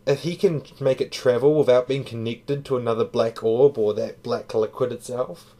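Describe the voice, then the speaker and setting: A man's voice: medium pitch, fairly even intonation, moderate pace, dark tone. Tired, profane young-sounding male reviewer. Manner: casual and profane, with fillers. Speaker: manga reviewer. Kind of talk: casual spoken review.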